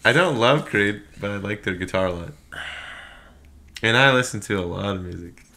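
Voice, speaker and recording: A man's voice: lowish voice, moderate pace, creaky, sharp tone. A man co-hosting a podcast in casual comedy chat, teasing and laughing easily. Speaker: podcast co-host.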